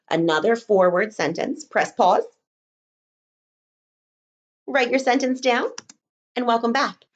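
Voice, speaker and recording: A young woman teaching kindergarten remotely from home, speaking in a slow, encouraging, sing-song teacher voice and sounding words out. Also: on the high side, expressive. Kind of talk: remote lesson for young children. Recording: dull lo-fi recording.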